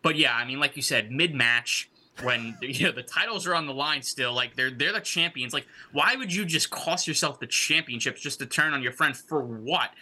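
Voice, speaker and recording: A man's voice: medium pitch, moderate pace, sharp tone. A man co-hosting a casual wrestling podcast, rambling with lots of fillers and swearing as he talks. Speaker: podcast co-host.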